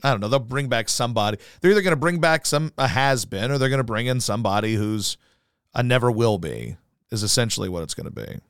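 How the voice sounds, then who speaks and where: A man's voice: medium pitch, lively intonation, fairly quick, clear, resonant tone, no room sound, clean studio sound. A man hosting a solo podcast, ranting in a profane, sarcastic, mocking way. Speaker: podcast host.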